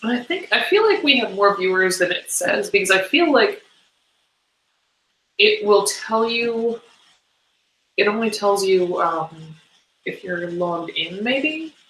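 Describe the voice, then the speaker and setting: Bright chatty woman in an echoey room. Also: mid-range voice, expressive, takes it slowly, long pauses. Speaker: co-host. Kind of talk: casual chat.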